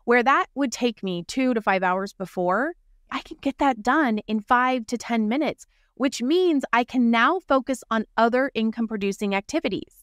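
A woman co-hosts a casual podcast, her voice smooth and resonant. She talks in an animated way and slips into other voices when she quotes someone. The sound is dry and close. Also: a little high, normal speed, dry recording. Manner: animated, acts out quoted remarks in a changed voice. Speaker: podcast co-host. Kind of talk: casual conversational podcast chat.

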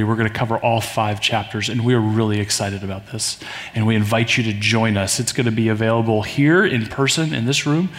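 A man's voice: medium pitch, fairly bright tone. A man preaching a sermon to his congregation in a conversational way, often building to emphatic rises. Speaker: pastor. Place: church sanctuary. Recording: long hall reverb.

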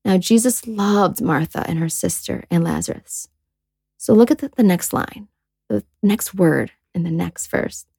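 A woman co-hosting a casual faith podcast, talking in an earnest, chatty way and filling her sentences with "like." Her pitch sits in a middle range for a woman. The sound is dry and close, with no room echo. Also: lively intonation, a little slow, vocal fry, darkish tone, breathy edge. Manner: chatty and earnest, many "like"s, voices quoted people. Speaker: podcast co-host. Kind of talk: casual faith podcast, reading and reflecting on scripture.

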